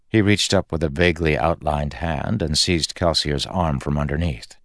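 A man giving a measured, expressive scripted narration of an audiobook. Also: extremely low pitch, no room sound, studio quality.

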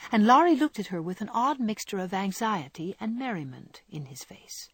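A woman reading a classic novel aloud with measured, expressive storytelling. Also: medium pitch, slightly rough, no echo. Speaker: audiobook narrator.

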